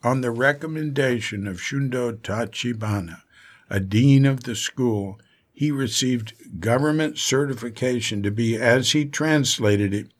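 Male audiobook narrator, mid-pitched, unhurried, measured reading. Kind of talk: scripted narration.

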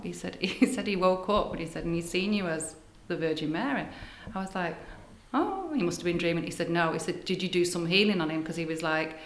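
An older woman, a spiritual healer, telling stories in a casual interview, animated and dropping into hushed asides. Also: on the low side, fast, few pauses, slight background noise. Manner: animated, breathy storyteller, drops to hushed asides. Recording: echoey room.

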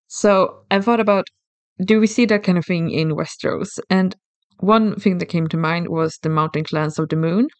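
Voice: mid-range voice, moderate pace, no room sound. Podcast co-host, dry sound. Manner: thoughtful, explains step by step with restarts. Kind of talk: casual explanatory podcast chat.

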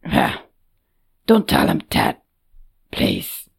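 Storybook uncle, very deep, pleading, slow and gravelly. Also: male voice, huge pitch swings, exaggerated voice. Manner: earnest, pleading. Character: pleading uncle, scarred older man.

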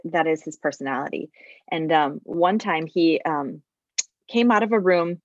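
Woman, former labor nurse, casual podcast chat, husky, dry dull sound. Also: on the low side, no room sound. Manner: storytelling, restarts and repeats words, animated when quoting.

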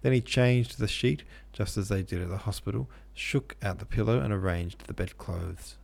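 A man narrating a classic novel in a steady, measured reading. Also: on the low side, gravelly. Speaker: podcast host and audiobook narrator.

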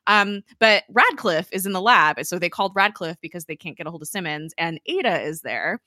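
A woman's voice: on the low side, expressive, a little fast, pushed and bright, no echo, studio quality. A woman casually recapping a TV episode as a podcast co-host, laughing often and using lots of filler words.

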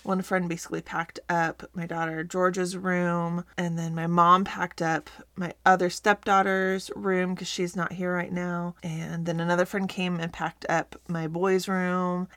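A woman's voice: fairly low pitch, fairly bright tone, no room sound. A woman in her thirties hosting a faith-based mom podcast, talking casually and earnestly from a home closet with a slightly scratchy morning voice. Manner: upbeat, earnest, encouraging. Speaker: podcast host.

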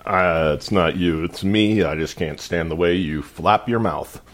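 A man with a low voice speaks very slowly in a casual podcast chat. He hesitates with filler before landing his puns. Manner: slow, hesitant with many uhs. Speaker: podcast co-host. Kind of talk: casual pun-swapping chat.

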